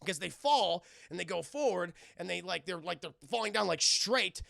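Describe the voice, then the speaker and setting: A man streaming live, recapping a film scene by scene for his chat in an animated, profane way and thanking viewers as they join. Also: normal speed, gravelly, dry recording. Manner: animated and profane, acting out characters' lines with shrill squeals.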